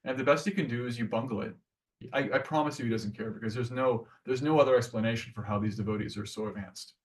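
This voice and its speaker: A man leads a devotional class in a loose, earnest, conversational way, restarting phrases and dropping in casual fillers. His voice sits at an ordinary middle pitch. The recording picks him up from a little way off the microphone. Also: quick pace, far from the mic.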